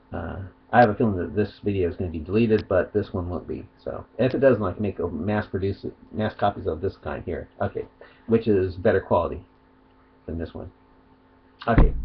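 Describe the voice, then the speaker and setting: A man's voice: lowish voice, breathy edge, dull audio. A man giving a rambling, argumentative vlog monologue, partly reading aloud, with many restarts. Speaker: video commentator.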